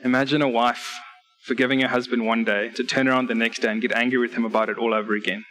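A man's voice: medium pitch, level tone, fast talker, fairly bright tone, low-quality recording. Man, preacher, church sermon, earnest, direct appeals, numbered points, scripture readings.

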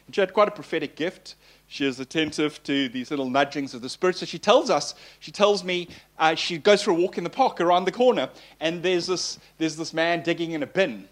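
A male pastor with a fairly high voice preaches briskly and conversationally. He tells personal stories in a self-deprecating way, using plenty of fillers.

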